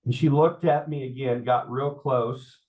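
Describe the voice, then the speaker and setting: A man, telling his life story in an interview, halting with many fillers and repeats. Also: mid-range voice, fairly even intonation, darkish tone. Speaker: guest. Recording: slightly dull audio.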